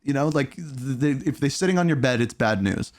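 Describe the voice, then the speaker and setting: Animated man telling a storytime vlog. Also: mid-range voice, a little fast. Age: 30s. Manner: candid, animated storytelling with profanity. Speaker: YouTuber.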